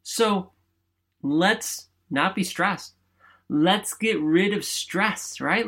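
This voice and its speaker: A man's voice: high voice, slow, pushed and bright, slightly rough. A man hosting a podcast alone, giving an upbeat motivational talk in a chatty, emphatic way and often asking "right?". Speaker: podcast host. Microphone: studio microphone.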